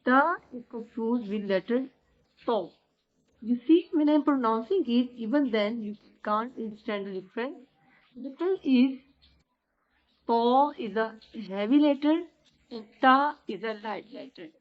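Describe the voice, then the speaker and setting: A woman teaching the letters of an alphabet, explaining slowly and repeating sounds to demonstrate them. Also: on the high side. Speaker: Arabic teacher. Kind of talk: slow explanatory lesson. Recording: dull lo-fi recording.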